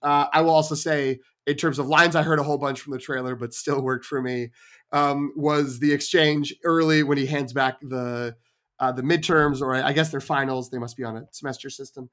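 A man co-hosting a casual film review podcast, retelling scenes with quoted lines and lively storytelling. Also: mid-range voice, moderate pace. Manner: animated storytelling with quoted voices. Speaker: podcast co-host.

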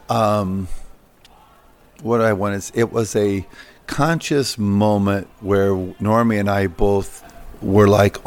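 A man's voice: lowish voice, a little mellow. A middle-aged man, guest in an interview, telling rambling anecdotes full of fillers and restarts. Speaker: interview guest, coffee business founder. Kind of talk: casual interview storytelling.

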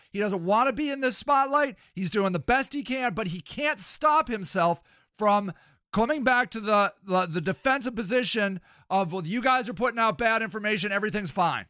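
Blunt, bright-voiced commentary host. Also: male voice, high voice, clear, resonant tone, no room sound, clean studio sound. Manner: blunt, sarcastic, questioning. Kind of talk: reaction commentary.

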